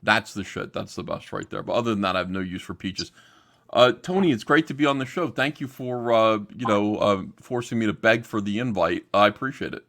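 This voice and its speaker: A blunt man from New Jersey sits in as a guest on a casual panel chat. His voice sits fairly low, and he rants and swears freely. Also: a little fast, fairly bright tone. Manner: blunt, profane, ranting.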